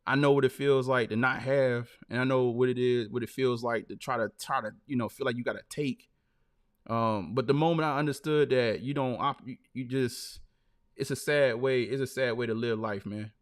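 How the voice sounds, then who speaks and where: Man, live-stream host, loose casual storytelling, mid pitch. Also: fairly even intonation, normal speed.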